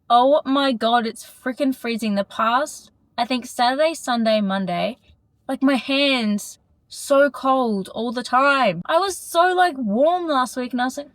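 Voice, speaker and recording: A woman's voice: high voice, unhurried. A young woman in her twenties chatting casually for her vlog, gushing and filling her talk with "like". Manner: chatty, gushing, lots of "like" and gasps. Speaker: vlogger. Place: in a car. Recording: echoey room with clear background noise.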